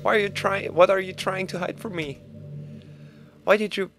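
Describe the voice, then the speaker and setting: A man voicing a sad, pleading young woman from a video game, speaking softly and hurt. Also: high-pitched, steady tone, moderate pace, faint music behind, voice pushed up. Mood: distressed.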